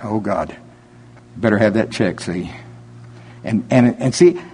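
A man preaching a sermon, reading scripture slowly with emphasis and rising into animated preaching. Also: mid-range voice, breathy edge.

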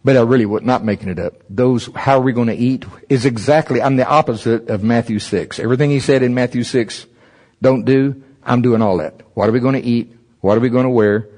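A man's voice: medium pitch, fast talker, a little mellow. A man preaching a sermon at a church service, conversational and humorous, asking many rhetorical questions.

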